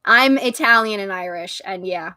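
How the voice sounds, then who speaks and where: A woman hosting a casual live-stream chat, talking loudly and laughing often. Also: mid-range voice, normal speed, no room sound. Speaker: podcast host.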